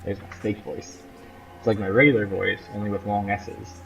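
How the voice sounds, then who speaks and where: A man's voice: lowish voice, level tone, normal speed, creaky, fairly bright tone, faint music behind, low-quality recording. A man giving casual, joking commentary while playing through a game. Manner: joking, chatty, playful asides. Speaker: gamer. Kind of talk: casual let's play commentary.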